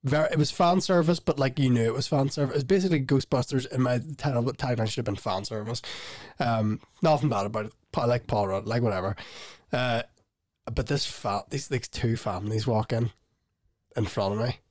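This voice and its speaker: A man's voice: medium pitch, brisk, darkish tone, no echo, clean studio sound. Rambling, laughing man. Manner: rambling storyteller, laughs often. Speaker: podcast co-host. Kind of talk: casual chat.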